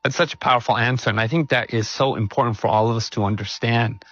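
A man's voice: mid-range voice, steady tone, quick pace, a bit bright, breathy edge, no room sound, dull audio. A man hosting a church event, affirming the guest's answers in a pastoral way and reading scripture aloud. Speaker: host.

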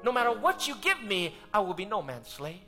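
A man preacher voicing a strong young male slave who loudly refuses to work. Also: high-pitched, sing-song, fairly quick, music in the background. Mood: firm refusal. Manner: loud, insistent refusal.

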